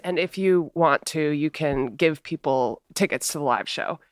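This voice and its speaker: A person producing a podcast, calmly setting up the next segment. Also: medium pitch, moderate pace, no room sound, studio quality. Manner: practical, organizing the segment. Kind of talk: casual chat.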